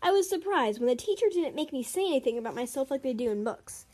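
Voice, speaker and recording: A woman's voice: high-pitched, animated, quick pace, mellow. A young woman reading her own stories aloud in a chatty way, breaking off for giggly asides. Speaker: storyteller.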